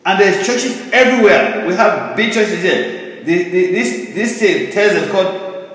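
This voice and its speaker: A man's voice: high-pitched, unhurried, fairly bright tone. A male pastor preaching a sermon in an emphatic, repetitive style, asking the congregation rhetorical questions. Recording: very echoey church hall with long reverb.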